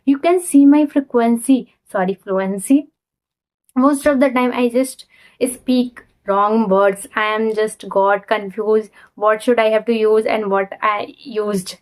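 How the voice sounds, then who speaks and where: A woman's voice: medium pitch, a little slow, a little mellow, poor audio. A young woman with an Indian accent, a Hindi speaker, talking to her phone camera in learner English, earnest and restarting her sentences often. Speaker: vlogger. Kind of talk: casual talk to camera.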